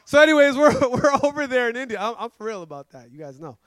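High-voiced guy preaching hard, slangy and fired up, dry close sound. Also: very animated, quick pace, no room sound. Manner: fervent, shouting at peaks, slangy. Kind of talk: energetic sermon.

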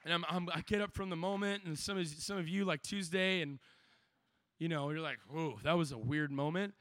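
A young man with a high, bright-pitched voice preaches at a youth camp. He swings from hushed storytelling to fervent, shouted exhortation. The sound is close and dry, with no room around it. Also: a little fast, no echo. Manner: passionate, builds to shouting. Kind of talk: sermon.

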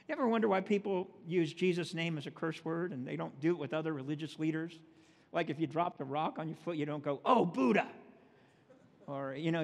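A man with a high voice preaches in a church sanctuary, and a long reverb hangs after his words. He reads scripture in a slow, measured way. Between verses he speaks plainly, with homely asides for the congregation. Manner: reads scripture slowly, then talks plainly with folksy asides. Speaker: pastor. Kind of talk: sermon. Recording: long reverb of a large hall.

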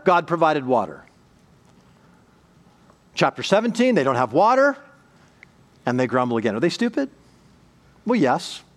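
A middle-aged pastor preaching a sermon with emphatic, repeating bursts of speech. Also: male voice, a little high.

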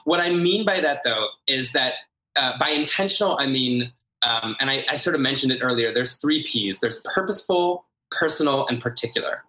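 A man's voice: mid-range voice, lively intonation, normal speed, bright, forceful tone. A man being interviewed as a guest expert, explaining his ideas earnestly and repeating words for emphasis. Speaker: guest, ritual designer. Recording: roomy echo.

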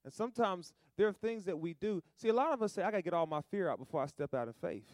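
Fervent preacher with a dry close sound. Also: male voice, high-pitched, lively intonation, quick pace, no room sound. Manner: call-and-response preaching, swings from soft to shouted. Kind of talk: sermon.

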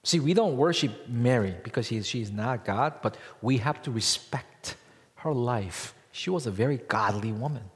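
In a church with a long, echoing hall reverb, a male pastor delivers a sermon, alternating between loud, emphatic lines and quiet, low asides. He repeatedly poses rhetorical questions to the congregation, with lively intonation at a moderate pace.

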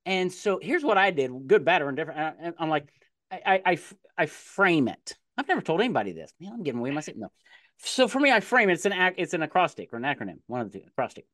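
A middle-aged man hosting a sales podcast interview in a casual, excitable way, often repeating words as he gets going. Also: on the high side, quick pace, no echo, clean studio sound. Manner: animated, laughs easily, repeats words when excited. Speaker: podcast host.

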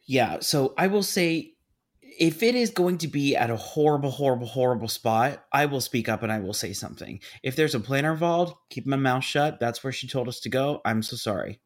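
A man in his thirties, animated and emphatic, casually telling a story on a podcast. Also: mid-range voice, fairly quick.

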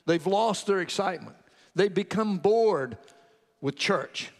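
Male preacher, high tenor, telling a testimony then exhorting; long hall reverb. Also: lively intonation, slow pace, creaky. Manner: storytelling, quoting a convert's testimony. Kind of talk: sermon.

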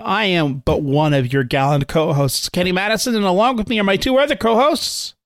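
A man's voice: sits high, fairly quick, hardly any pauses, dry recording. A man co-hosting a comedic movie podcast, delivering grand, mock-formal introductions. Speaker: podcast co-host.

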